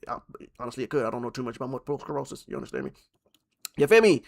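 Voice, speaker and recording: A man's voice: medium pitch, lively intonation, rapid-fire, creaky. A male streamer who reads posts aloud on a live stream and reacts bluntly, swearing freely and repeating himself for effect.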